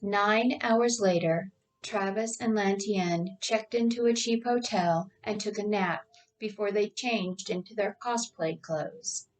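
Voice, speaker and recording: A woman author reading her own novel aloud in a plain, unhurried way with small slips. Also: medium pitch, far from the mic, rough recording.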